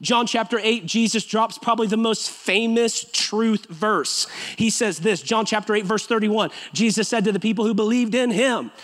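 A man's voice: sits high, moderate pace, hardly any pauses, fairly bright tone. A man preaching a sermon in a church, emphatic and conversational, with touches of humor. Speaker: pastor. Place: church sanctuary.

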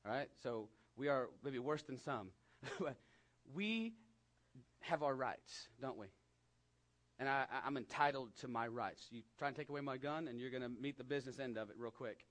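A man with a West Texas accent preaching a sermon in a conversational way, rising to emphatic peaks and dropping to hushed asides. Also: mid-range voice, moderate pace. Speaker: pastor.

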